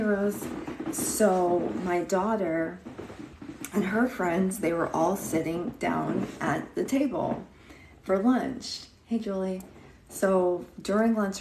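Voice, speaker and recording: A woman in her thirties chats on a livestream, telling a story and greeting viewers by name along the way. Her voice is low and gravelly and she talks slowly. The room around her is echoey. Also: darkish tone. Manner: chatty, greets viewers mid-story, acts out quotes. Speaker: livestream host.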